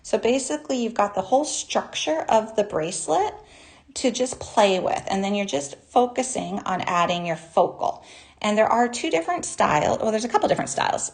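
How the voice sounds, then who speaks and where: A woman hosting a live jewelry-making class, chatty and bubbly, greeting viewers by name, with a naturally high voice. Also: vocal fry, a little mellow. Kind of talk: live online craft demonstration.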